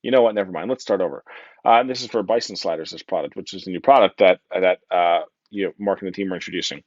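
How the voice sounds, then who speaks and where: A man's voice: deep voice, quick pace, darkish tone, dry recording, muffled recording. A man with a New Jersey accent giving a casual, joking conference talk full of fillers. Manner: chatty, joking, many fillers and "right?". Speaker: conference speaker.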